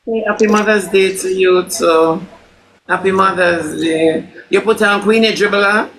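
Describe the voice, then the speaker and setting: Flamboyant high-voiced Jamaican man. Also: fairly even intonation, measured pace. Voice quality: flamboyant, teasing, theatrical. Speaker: TikTok live host. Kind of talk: loud Jamaican patois live chat. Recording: echoey room with loud background noise.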